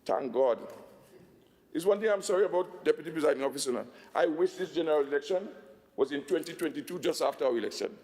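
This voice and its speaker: A man's voice: a little high, expressive, darkish tone, in a large hall. Emphatic Tobagonian man in an assembly chamber. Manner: emphatic, stresses figures slowly. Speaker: assembly secretary. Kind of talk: parliamentary budget speech.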